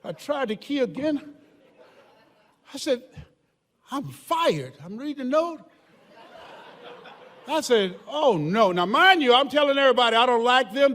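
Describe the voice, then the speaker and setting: An older man delivers a motivational speech in a very high, lively voice that swings up and down. He tells stories with emphasis, often shouting and laughing. A long reverb trails his words through the large hall. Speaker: motivational speaker. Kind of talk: motivational speech to a live audience.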